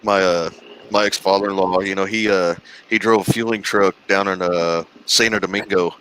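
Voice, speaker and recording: A man's voice: low voice, fairly even intonation, moderate pace, fairly bright tone, a little hiss or hum, low-quality recording. A middle-aged man in a laid-back chat, telling stories and chuckling often. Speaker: guest. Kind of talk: casual chat.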